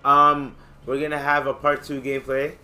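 Bright-voiced young man gaming. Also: mid-range voice, moderate pace. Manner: excitable, profane, joking. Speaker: gaming channel host. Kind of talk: casual gameplay commentary.

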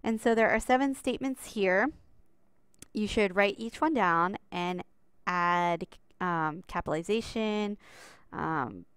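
A woman's voice: lowish voice, clean tone, no room sound. A woman teaching a recorded writing lesson over slides, in a chatty, upbeat way and talking straight to her students.

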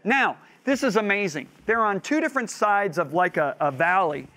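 A man with a notably high voice teaches a Bible lesson through lively storytelling. He acts out the voices of the people in his stories and drives his points home by repeating phrases. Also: normal speed. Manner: animated storyteller who acts out quoted voices; builds emphasis by repeating phrases.

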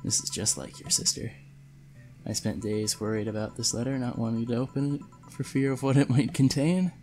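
A man's voice: mid-range voice, fairly quick, a little mellow, soft background music, natural voice. A man reading the lines of a weary, guarded young woman bartender in a game, with little change to his voice. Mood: brooding.

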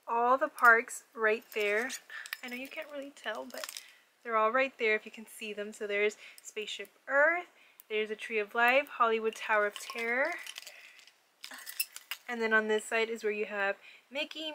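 A woman casually unboxing gifts in a vlog, gushing and excitable, with frequent gasps of delight. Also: a little high, a little hiss or hum. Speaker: vlogger opening a gift box. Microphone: ring light setup, camera on a desk.

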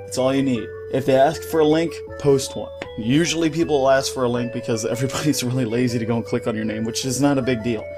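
A man's voice: mid-range voice, fast, few pauses, over music. A man ranting in a casual vlog on a studio mic with a pop filter, heated, profane and rambling. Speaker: gaming YouTuber. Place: home recording setup.

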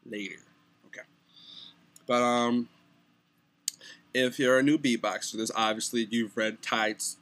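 A man's voice: medium pitch, steady tone, a little slow, pauses often, a bit bright. A young man making a casual beatbox tutorial, talking loosely and stumbling over words. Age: young adult.

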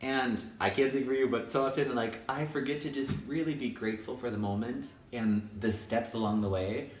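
A young adult male teacher vlogging in an enthusiastic, playful way. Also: moderate pace. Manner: enthusiastic, playful, acts out high-pitched quoted voices. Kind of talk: upbeat casual vlog talk. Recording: echoey room.

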